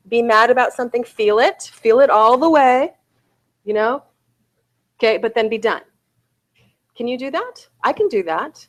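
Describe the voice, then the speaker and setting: A woman's voice: fairly high pitch, expressive, moderate pace, pauses often. A woman in her forties giving a real estate sales bootcamp talk, often asking her audience "right?" and "okay?".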